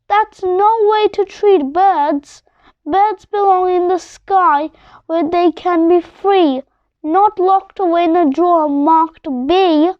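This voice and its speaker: An indignant man from a storybook shouts urgently, as a woman reading aloud puts him on. The voice is pitched very high and slow, on a dull, lo-fi recording. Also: no echo. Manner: urgent, raised voice.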